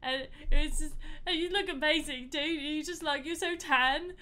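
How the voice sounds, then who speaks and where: A woman voicing an emotional, excitable young man who rambles as he gushes. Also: sits high, moderate pace, pitched above the performer's own voice. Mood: gushing. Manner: gushing, rambling.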